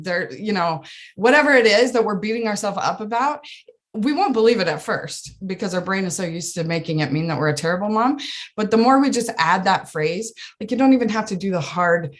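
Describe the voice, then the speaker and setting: A woman life coach, a guest on a podcast, explaining her ideas in an earnest, animated way and laughing often. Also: medium pitch, brisk. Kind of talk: casual interview chat.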